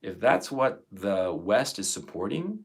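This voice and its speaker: A man in his fifties delivers an impassioned live stream rant to his viewers. His voice is gravelly with a husky edge, and he swears often. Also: lowish voice, big pitch swings, a little slow. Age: 50s. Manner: emotional, profane, impassioned ranting. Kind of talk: angry live stream monologue.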